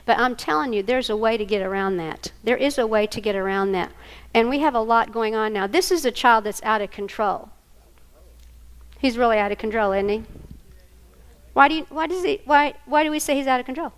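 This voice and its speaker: A woman's voice: a little high, fairly quick, clean tone. An older woman, a grandmother, presenting a live training workshop and quizzing her audience. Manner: animated, asks the audience questions.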